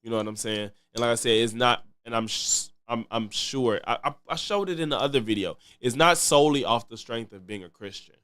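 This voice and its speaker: A man's voice: medium pitch, brisk, hardly any pauses, fairly bright tone. A man commenting casually on a live stream, loose and chatty, repeating himself and thanking viewers. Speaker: streamer reacting to clips.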